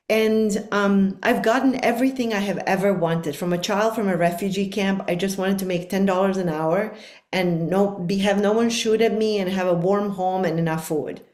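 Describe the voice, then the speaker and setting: A woman's voice: mid-range voice, darkish tone, roomy sound. A middle-aged woman speaking as a life coach guest on a podcast, talking in an earnest, reflective and emphatic way. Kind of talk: podcast conversation.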